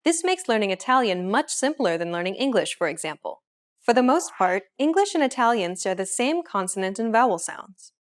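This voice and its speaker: A woman hosting a language lesson, explaining pronunciation in a clear, measured scripted narration. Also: mid-range voice, big pitch swings. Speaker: host.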